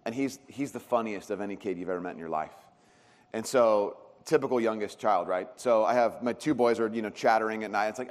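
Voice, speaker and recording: A man preaching a sermon as a pastor, telling stories with animated swings in pitch and loudness. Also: fast talker. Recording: long reverb of a large hall.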